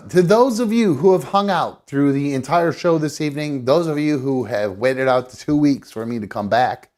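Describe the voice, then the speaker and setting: A man's voice: medium pitch, moderate pace, few pauses, darkish tone. A man hosting a live call-in show, talking casually with lots of swearing and restarts. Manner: profane, rambling, with restarts.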